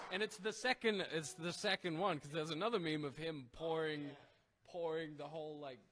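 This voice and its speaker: A man's voice: a little high, expressive, measured pace, pauses often, fairly bright tone. An Australian man in a casual interview, giggling and cracking goofy jokes. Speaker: band member interviewed.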